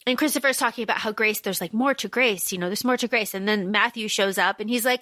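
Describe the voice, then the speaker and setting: A woman's voice: on the high side, fairly quick, few pauses, no echo, clean studio sound. A woman co-hosting a podcast, chatting casually about a book and acting out characters' lines as she recaps. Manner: animated, acts out characters' lines mid-recap. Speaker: podcast co-host.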